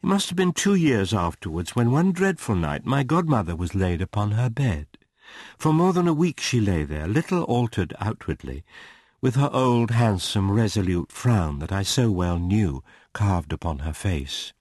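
A man reading a classic novel aloud as an audiobook narrator, measured and expressive. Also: fairly low pitch, no echo, clean studio sound.

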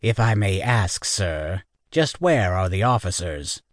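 A man's voice: deep voice, big pitch swings, slow pace, no room sound, studio quality, pitched below the performer's own voice, heavily acted. A man playing a stern, formal sergeant major. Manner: clipped military formality.

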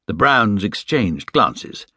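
Brief: expressive storybook reader, male, lively pitch, dry studio sound. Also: slow, husky, no room sound. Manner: expressive, gently humorous. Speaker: audiobook narrator. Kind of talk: scripted storybook narration. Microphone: studio microphone.

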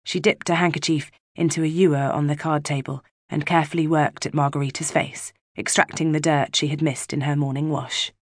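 A woman narrating a novel as an audiobook reader, measured and even, close to the mic. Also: deep voice, no room sound. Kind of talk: scripted narration.

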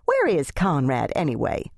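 A woman's voice: sits low, wildly swooping pitch, moderate pace, vocal fry, darkish tone, dry recording, clean studio sound, heavily acted. A woman voicing a plump, nosy church lady who talks in a sugary, effusive way. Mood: gushing.

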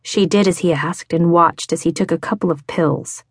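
A woman narrating a romance audiobook in a measured, even way, read into a close studio mic in a recording booth. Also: lowish voice, slightly rough, dry recording. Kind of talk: scripted narration.

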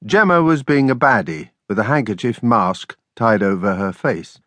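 A man narrating a children's audiobook in an expressive storytelling manner, recorded in a studio. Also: medium pitch, normal speed, no echo.

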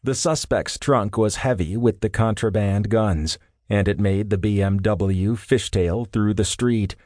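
Man narrating an audiobook, low and dry. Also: unhurried, darkish tone, dry recording. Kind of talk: scripted narration. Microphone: studio microphone.

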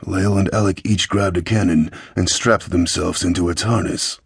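A man narrating a fantasy adventure audiobook in a measured, steady storytelling manner into a studio microphone. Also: sits low, vocal fry, breathy edge, no room sound.

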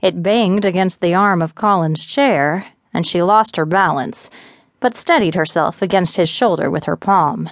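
A woman narrates an audiobook in a steady, even storytelling manner. Her voice is fairly low for a woman. The recording is dry and close, with no room echo. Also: measured pace.

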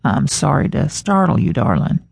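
A woman narrator voicing a soft-spoken, charming young man, speaking gently in a hushed, lowered voice. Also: big pitch swings, moderate pace, vocal fry, slightly rough, no echo, heavily acted. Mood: gentle.

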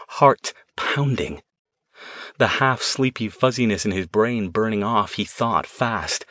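A low-voiced man reads a supernatural thriller audiobook in a tense, measured way. The recording is dry and close, with no room sound. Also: sharp tone, dry recording. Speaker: audiobook narrator. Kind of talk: scripted narration.

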